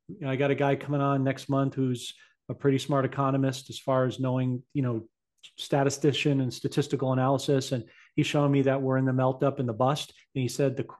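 A man's voice: medium pitch, a little mellow. A man hosting a casual chat in an easygoing way, laying out his predictions with confidence. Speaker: host.

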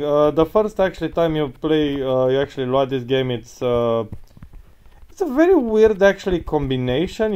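A man giving casual, crude gameplay commentary, breaking into loud hype shouts. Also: medium pitch, lo-fi sound. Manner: crude, excitable, yells hype callouts.

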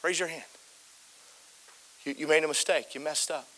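High bright-voiced fervent preacher man. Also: fairly even intonation, moderate pace. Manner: fervent, repetitive, stammering restarts. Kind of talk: sermon. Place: church sanctuary.

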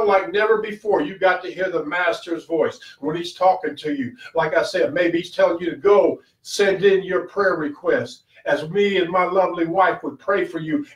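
A male pastor preaching a short sermon, fervent, repeating key phrases with rising emphasis. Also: sits high. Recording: echoey room, voice from far off the mic.

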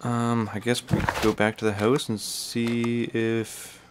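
A man's voice: medium pitch, level tone, slow, noisy background. A man casually commenting while playing a game, rambling, swearing and talking to himself. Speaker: gameplay commentator. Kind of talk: casual let's-play commentary.

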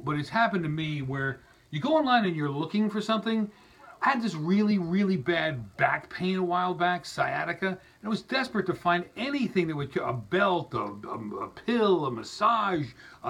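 Male radio host, comic rant, lively swooping pitch, bright, slightly husky. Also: moderate pace, rough recording. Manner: exasperated, animated, acting out scenes.

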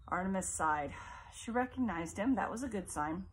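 Woman narrating a novel, expressive. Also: mid-range voice. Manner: measured, expressive reading. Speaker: audiobook reader. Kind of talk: audiobook narration.

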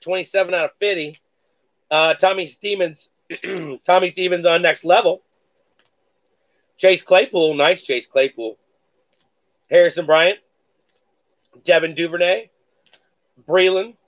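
A man hosting a live card-breaking stream, reading out pulls with hype catchphrases and playful mock-cursing. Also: sits high.

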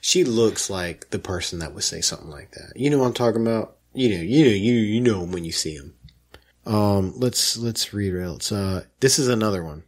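A husky-voiced man co-hosting a casual podcast chat. He rants with real indignation, and his pitch leaps and dips all over as he gets worked up. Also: normal speed. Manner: indignant, animated ranting storyteller. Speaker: podcast co-host.

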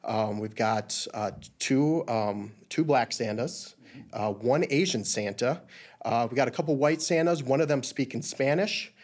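A man's voice: medium pitch, unhurried, darkish tone. A man who co-owns a photo studio, talking casually in an interview with many fillers and restarts. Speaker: business co-owner.

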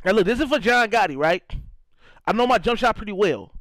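A man's voice: sits high, animated, brisk, fairly bright tone, no echo, low-quality recording. A young man from St. Louis, Missouri, chatting loosely on a live game stream and reacting to chat as he goes. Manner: loose and repetitive, reacting to chat, frequent "you know what I'm saying". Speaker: gaming streamer. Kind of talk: casual live-stream commentary.

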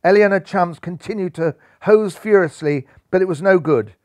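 A man narrating a children's storybook with dramatic, animated delivery. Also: high-pitched, moderate pace, dry recording.

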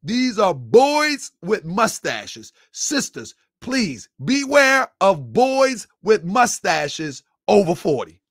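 A man's voice: high-pitched, big pitch swings, slow pace, few pauses, fairly bright tone, breathy edge, no echo, clean studio sound. A man giving a mocking reaction commentary, laughing often and lecturing in a taunting, preachy way. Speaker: online commentator.

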